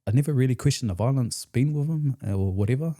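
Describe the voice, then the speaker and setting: Fast and warm, with lively intonation and a mid-range pitch, this New Zealand-accented man tells his story as a podcast guest. He's candid and conversational, using blunt, slangy, profane language.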